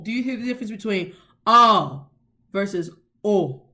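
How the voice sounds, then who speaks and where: In a mid-range voice with a sharp tone and moderate pace, a woman hosting a laid-back Spanish lesson chats informally, using "y'all." She moves between English and Spanish and spells words letter by letter in this casual teaching monologue.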